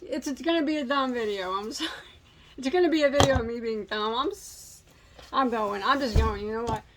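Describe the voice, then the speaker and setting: A woman in her forties with a slightly high voice, chatting casually to her viewers. She rambles, makes fun of herself and jokes around, with a little breathlessness. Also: fairly quick, background noise. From United States. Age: 40s. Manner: rambling, self-mocking, jokey. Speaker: crochet channel host. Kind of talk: casual chat.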